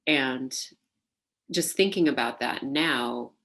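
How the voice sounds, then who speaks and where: A woman, a burlesque performer, recalling her life in an oral history interview, animated and laughing, with many fillers. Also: extremely low pitch, takes it slowly. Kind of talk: reflective interview storytelling.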